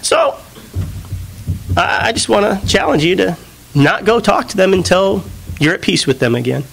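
A man's voice: high-pitched, normal speed, gravelly, slight background noise. A man preacher telling a story in a sermon, acting out a phone conversation with a friend, with the congregation heard behind him. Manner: animated, acts out both sides of a phone call. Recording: live church recording with audience. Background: congregation laughing.

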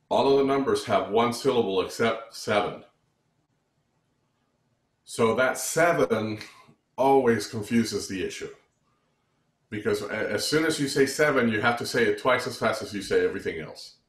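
A man's voice: fairly low pitch, reverberant. A man teaching music theory, explaining meter and counting beats aloud, with many restarts. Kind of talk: online music lesson.

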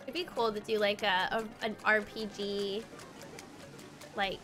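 Chatting casually with viewers during a game livestream, this bubbly, giggly young woman fills her talk with "like," over faint game music. Here her voice sits mid-range and level in tone, a little slow and a bit bright.

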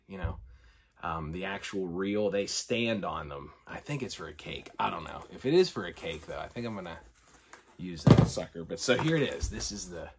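A middle-aged man talking casually through an unboxing, excitable and often dropping to delighted whispers and gasps. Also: on the low side, breathy edge. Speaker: collector vlogger.

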